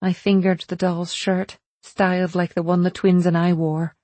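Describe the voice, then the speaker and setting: Woman narrating with a husky, dark voice. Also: fairly low pitch, level tone, moderate pace, no echo. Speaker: audiobook narrator. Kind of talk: first-person storybook narration.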